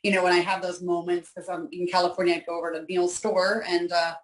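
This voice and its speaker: A woman's voice: lowish voice, flat delivery, fast, reverberant, poor audio. A woman, an inker guest in an interview, chatting casually and poking fun at herself. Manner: chatty, self-deprecating, laughs often.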